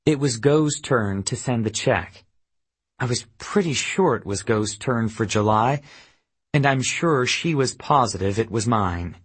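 A man's voice: mid-range voice, expressive, measured pace, slightly rough. A man reading a novel aloud in the first person, telling the story in a dry, wry way. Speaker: audiobook narrator. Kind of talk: scripted first-person narration.

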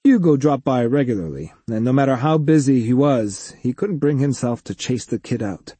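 A man reads a story aloud in a scripted, expressive narration. His voice is dark, mellow and slightly husky, with lively swings in pitch. The recording is close and dry. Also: normal speed, dry recording. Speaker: audiobook narrator.

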